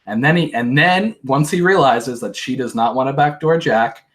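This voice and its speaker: A man's voice: medium pitch, moderate pace. A young man hosting a podcast, recapping events in a casual, rambling way, often exasperated and breaking into mocking impressions. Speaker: podcast host. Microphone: handheld podcast mic.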